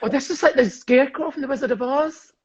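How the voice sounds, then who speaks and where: A Scottish comedian, appearing as a guest, chats cheekily on a video call and laughs often. He has a very high-pitched voice and talks fast, and the audio sounds dull.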